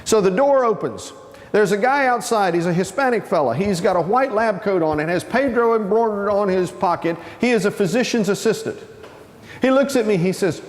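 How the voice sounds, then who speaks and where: A man tells a comic story to a conference audience and acts out the people in it. His high voice swoops up and down with energy. It rings through a large hall with a long reverb. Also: animated, normal speed. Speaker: conference speaker. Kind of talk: humorous storytelling talk.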